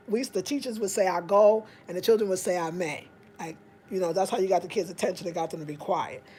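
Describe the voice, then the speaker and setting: A woman with an African American accent telling stories casually, acting out what people said in a raised voice. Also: a little high. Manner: animated, acts out quotes in raised voice. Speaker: vlogger. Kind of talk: casual storytelling.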